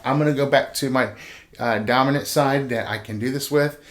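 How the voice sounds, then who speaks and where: A man's voice: mid-range voice, moderate pace, a bit bright. Man counting beats while teaching conducting. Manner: encouraging, casual teacher talk with fillers. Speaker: band director teaching conducting. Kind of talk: instructional video lesson.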